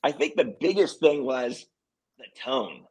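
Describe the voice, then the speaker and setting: Man, film director guest, animated anecdotes, acted-out quotes, slightly husky voice. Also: mid-range voice, a little slow, low-quality recording. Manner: animated storyteller acting out quotes. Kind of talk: casual interview anecdotes.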